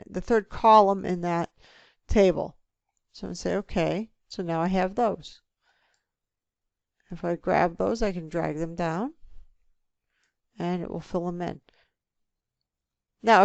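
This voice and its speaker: A woman teaching a spreadsheet lesson, talking through each click step by step in a relaxed way. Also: on the low side, clean tone, no room sound. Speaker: instructor. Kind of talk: screen-recorded software tutorial.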